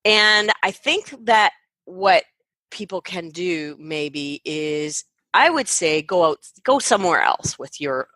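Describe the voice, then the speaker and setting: A woman hosting an interview with a speaker, talking in a measured way and often laughing along. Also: lowish voice, fairly bright tone, no room sound. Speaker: host and speaker coach. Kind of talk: interview conversation.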